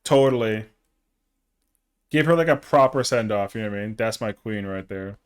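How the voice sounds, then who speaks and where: A man's voice: fairly low pitch, moderate pace, smooth. A young man chatting casually on a live stream, rambling in slang with lots of fillers.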